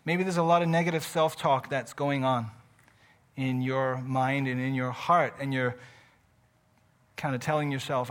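Male pastor, conversational sermon storyteller, bright sharp tone. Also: medium pitch, a little slow, long pauses. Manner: animated, conversational storytelling with playful asides.

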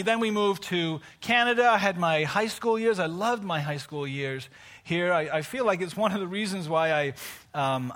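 Pastor, 50s, male; high bright voice, personal heartfelt sermon that builds to emphatic preaching. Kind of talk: conversational sermon.

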